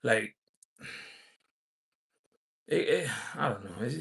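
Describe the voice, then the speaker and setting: Casting note: a man with a gravelly, rough voice, rambling casual storyteller. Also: medium pitch, lively intonation, extremely slow, a bit bright. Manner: rambling, many fillers and restarts. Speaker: vlogger.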